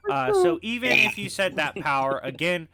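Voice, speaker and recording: A man narrating a scripted argument in a brisk, matter-of-fact way, his voice a little raspy today, with filler ums. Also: high voice, wildly swooping pitch, sharp tone, dry recording, studio quality. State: slightly raspy voice. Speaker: video essay narrator.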